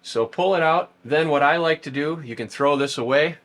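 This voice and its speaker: Standing outside by a parked car, a how-to channel host walks viewers through a car repair in a plain, casual way. He speaks at a moderate pace, his fairly high voice a bit bright.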